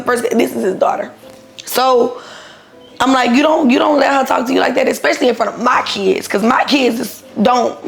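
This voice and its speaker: A woman's voice: a little high, gravelly. A woman in her thirties telling her own story casually, blunt and profane, acting out the people she quotes. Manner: blunt, profane, animated retelling with quoted dialogue.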